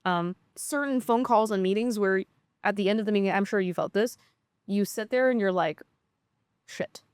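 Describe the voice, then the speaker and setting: A woman's voice: medium pitch, a little fast, a little mellow, clean tone, no echo. A woman founder in casual conversation, talking earnestly and reflectively with frequent "um" fillers. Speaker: startup founder.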